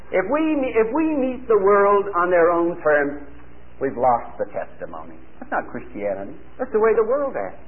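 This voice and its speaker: A man preaching over a tinny, phone-thin old radio broadcast. His voice sits fairly high and swoops widely as he spins folksy anecdotes into his sermon. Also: a little slow. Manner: animated, folksy storytelling.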